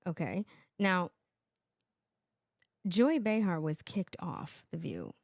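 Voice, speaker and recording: A woman's voice: fairly low pitch, sing-song, slow, no echo, studio quality. A woman hosting a reaction commentary, talking sarcastically and laughing often as she mocks the clips. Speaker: commentary channel host.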